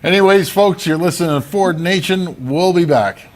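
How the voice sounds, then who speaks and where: A man's voice: high-pitched, music in the background. A man co-hosting a political talk show, speaking combatively and piling on rivals. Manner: combative, quick to pile on rivals.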